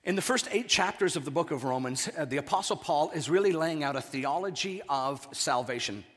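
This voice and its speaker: A male pastor with a hoarse throat, preaching a conversational sermon and often clearing his throat. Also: fairly high pitch, animated, a little fast, a bit bright. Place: church sanctuary. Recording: reverberant church hall.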